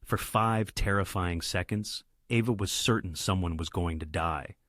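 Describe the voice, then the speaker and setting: A man reading a dramatic story aloud in a steady narration. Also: low-pitched, unhurried, no echo, clean studio sound.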